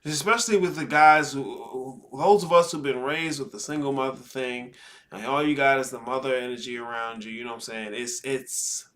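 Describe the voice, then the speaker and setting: A man hosting, giving slow, reflective commentary with sighs and pauses. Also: medium pitch, steady tone, fairly bright tone. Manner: slow, deliberate, sighing pauses. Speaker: host commenting on a podcast clip.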